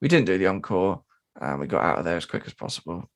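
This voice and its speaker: A man tells a story on a casual podcast, his pitch leaping around as he talks. He swears freely and jumps into high, squeaky impressions of other people. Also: quick pace, gravelly. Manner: animated, sweary, mimics people in high voices. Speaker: podcast co-host and drummer.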